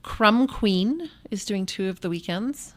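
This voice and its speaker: A young adult woman co-hosting a casual podcast, chatty and easygoing, laughing often and filling pauses with ums while she shares event news. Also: medium pitch, expressive. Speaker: podcast co-host. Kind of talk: casual chat.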